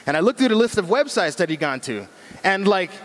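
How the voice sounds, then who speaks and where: A man's voice: sits high, big pitch swings, fairly quick, a bit bright, long reverb tail. A middle-aged man giving a casual, joking talk on internet safety, full of slang. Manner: chatty, joking, uses slang. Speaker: speaker at a cyber safety talk.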